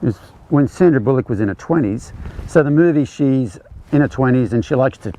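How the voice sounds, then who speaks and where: A man's voice: medium pitch, animated, a little fast, warm tone, rough recording. A man teaching a horsemanship clinic, explaining conversationally as he demonstrates groundwork with a horse. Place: outdoor ranch arena.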